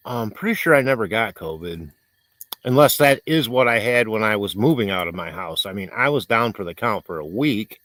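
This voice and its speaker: A man's voice: fairly low pitch, expressive, moderate pace, a bit bright, no room sound. A man hosting a livestream, rambling in casual chat and reading viewers' comments aloud, congested and coughing. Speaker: livestream host.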